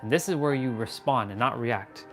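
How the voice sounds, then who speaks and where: A man's voice: medium pitch, moderate pace, faint music behind. A man hosting a casual motivational live stream while walking, blunt and emphatic, swearing freely. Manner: talks while walking on a step count.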